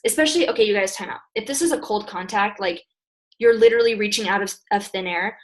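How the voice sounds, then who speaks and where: A young adult woman giving an energetic, direct coaching talk to her sales team, often checking in with "okay?". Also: medium pitch, fast talker. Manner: energetic, direct, emphatic, repeats "okay?" and "you guys". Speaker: network marketing team leader.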